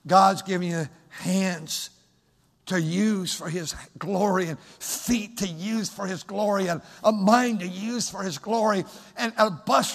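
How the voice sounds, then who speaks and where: A high-pitched man preaches a sermon in a church sanctuary. His voice echoes with a long hall reverb. He drifts between soft, low storytelling and loud, shouted calls to the congregation. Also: steady tone, slow pace, creaky.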